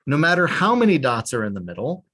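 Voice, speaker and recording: A man's voice: medium pitch, wildly swooping pitch, quick pace, fairly bright tone, slightly rough. A man teaching a beginner language class, patiently explaining step by step with a small joke now and then. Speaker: Hebrew teacher. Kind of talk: online class instruction.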